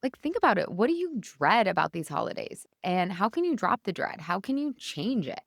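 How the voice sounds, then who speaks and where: A woman's voice: mid-range voice, very animated, a little fast, gravelly, dry recording, clean studio sound. A middle-aged woman hosting her own podcast, talking straight to listeners in an enthusiastic, chatty, motivational way. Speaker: podcast host and coach. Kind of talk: solo motivational podcast talk.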